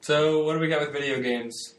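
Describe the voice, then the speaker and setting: A man's voice: a little high, fairly even intonation, a bit bright, recorded from a distance. A young man co-hosting a podcast in a laid-back, casual way. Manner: laid-back, quick to laugh. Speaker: podcast co-host. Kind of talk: casual chat. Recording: roomy echo.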